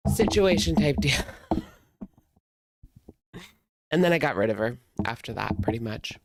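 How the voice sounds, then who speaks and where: Gravelly casual man in his thirties. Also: mid-range voice, expressive, normal speed, pauses often, no echo, clean studio sound. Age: 30s. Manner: rambling, filler-heavy, amused. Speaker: host. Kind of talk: casual storytelling to live chat.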